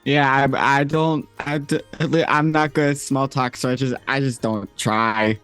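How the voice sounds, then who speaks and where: A man's voice: medium pitch, little pitch movement, unhurried, a bit bright, smooth, no echo, faint music behind, close to an everyday voice. A man voicing a nervous, awkward young healer who stammers and hesitates, in a tabletop game. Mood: hesitant.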